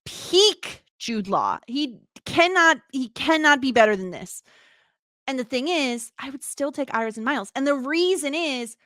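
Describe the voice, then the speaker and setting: A woman co-hosting a podcast, chatting casually about a film in an animated, playful, emphatic way. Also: high-pitched, unhurried, no room sound, clean studio sound. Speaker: podcast co-host. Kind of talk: casual chat.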